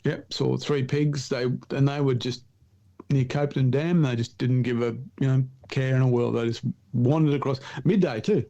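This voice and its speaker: A man's voice: medium pitch, normal speed, muffled recording. A middle-aged Australian man telling a hunting story in a casual podcast chat, laughing at his own tales. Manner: animated yarn-spinner, laughs at his own stories. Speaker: podcast guest, hunter and writer.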